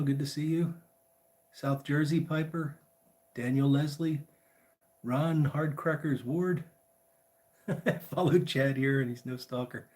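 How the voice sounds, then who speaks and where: A man hosting a casual live chat, greeting viewers by name in a relaxed, friendly way. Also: fairly high pitch. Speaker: livestream host.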